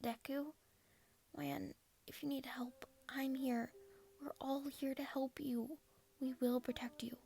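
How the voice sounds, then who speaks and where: A woman voicing a gentle, caring young man. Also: high voice, flat delivery, measured pace, creaky. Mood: tender. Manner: soft, reassuring.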